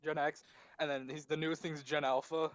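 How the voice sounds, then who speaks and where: A man in casual chat as a tabletop game player, animated and jokey, slipping into quick comic voices. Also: a little high, muffled recording.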